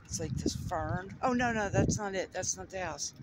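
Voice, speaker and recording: High-voiced giggly man out for a ride. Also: moderate pace. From Florida, USA. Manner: chatty and giggly, talks to his dog. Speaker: artist vlogger. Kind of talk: casual chat while riding around. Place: outdoors on neighborhood streets. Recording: loud outdoor noise and traffic. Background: outdoor ambience, vehicles, birds.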